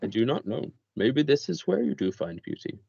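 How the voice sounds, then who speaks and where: A man voicing a huge female giant who speaks slowly and thoughtfully. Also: mid-range voice, very animated, creaky, dark tone, husky, no echo, dull audio, pitched above the performer's own voice, exaggerated voice. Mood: musing.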